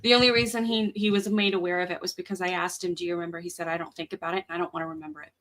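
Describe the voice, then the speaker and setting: A woman's voice: fairly low pitch, steady tone, racing, fairly bright tone. A woman guest in an interview, speaking with emphasis about family events. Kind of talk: interview talk.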